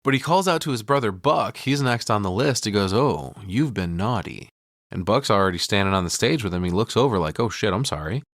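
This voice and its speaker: A man's voice: lowish voice, quick pace, few pauses, dry recording, clean studio sound. A man co-hosting a casual podcast, recapping a film with lots of swearing and acting out the characters' lines. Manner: lively storytelling, acts out characters' lines.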